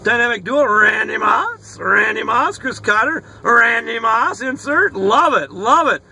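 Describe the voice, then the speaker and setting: Excitable, foul-mouthed card vlogger, man, bouncy and animated delivery, in a car. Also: very high-pitched, unhurried, creaky, breathy edge. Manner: excitable, profane, hollering. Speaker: sports card collector opening mail. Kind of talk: casual card-opening vlog. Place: inside a car. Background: rock music playing faintly.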